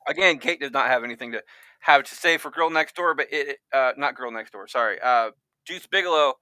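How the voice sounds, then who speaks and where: Male podcast host, very bright forward tone, dry close sound, loose rambling delivery with restarts. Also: medium pitch, brisk, no echo. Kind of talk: casual chat.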